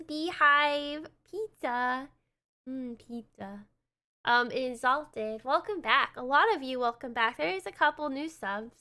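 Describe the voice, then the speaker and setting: High-voiced, unhurried woman streamer. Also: bright, forceful tone. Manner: thinks aloud while playing and talks to chat. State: tired and yawning. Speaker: video game streamer. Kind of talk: casual livestream gaming commentary. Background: game music.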